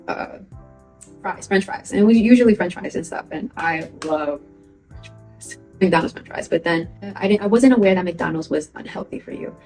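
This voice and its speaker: A woman's voice: on the low side, rough recording. A young woman vlogger chatting casually as she tells a personal story, laughing often and acting out what people said. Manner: chatty and animated, laughs often, acts out quoted voices.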